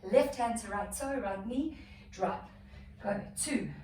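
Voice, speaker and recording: A woman's voice: fairly high pitch, slow pace, darkish tone, a little hiss or hum. A woman leading a yoga-inspired abs workout, out of breath, cueing counts and breathing with encouragement. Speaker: yoga instructor. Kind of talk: guided workout instruction. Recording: echoey room, mic far off.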